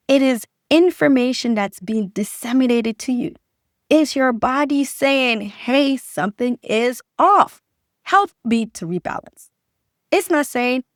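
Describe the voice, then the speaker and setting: A woman's voice: sits high, dry recording, studio quality. A middle-aged woman doctor giving a conversational health talk straight to camera. She fires rhetorical questions and repeats her key points for emphasis.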